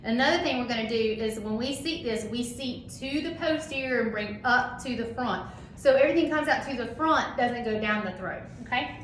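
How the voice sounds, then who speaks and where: Upbeat woman teaching in an echoey room. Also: on the high side. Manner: loud, upbeat teacher who softens to a slow soothing voice for patients. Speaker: dental assisting instructor. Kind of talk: hands-on classroom demonstration. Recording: echoey room with faint noise.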